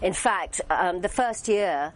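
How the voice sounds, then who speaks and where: Older english lady, lowish voice, chatty interview stories, lots of ums and restarts. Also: takes it slowly, rough recording. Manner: lively storyteller, acts out quoted voices; chatty, many fillers and restarts. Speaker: actress interviewee. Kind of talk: anecdotal interview.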